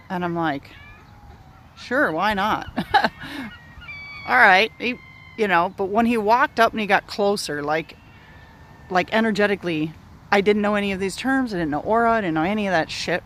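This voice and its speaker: A woman's voice: lowish voice, a bit bright. Candid woman rambling outdoors, faint traffic. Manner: candid, rambling, swears freely. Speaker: speaker sharing a personal story. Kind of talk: casual spoken storytelling. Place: outdoors near bushes in an urban area.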